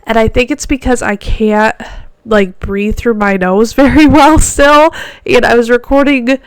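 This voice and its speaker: A woman with a fairly high voice hosts her own podcast from a home office, chatting in a loose, rambling way. Her voice is smooth and clear but stuffy and nasal from a cold, and she runs a bit short of breath. The sound is dry and close, with no room echo. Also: fairly even intonation, unhurried. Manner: chatty and rambling, many fillers. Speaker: podcast host and fitness coach. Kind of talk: casual solo podcast chat.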